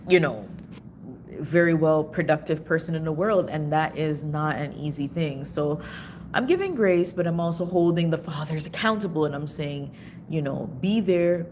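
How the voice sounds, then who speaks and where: A woman's voice: low voice, darkish tone, a little hiss or hum. A woman in her thirties from Toronto, with a Canadian accent and a Caribbean background, talking candidly in a casual vlog with frequent laughs and slangy asides. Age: 30s. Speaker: vlogger.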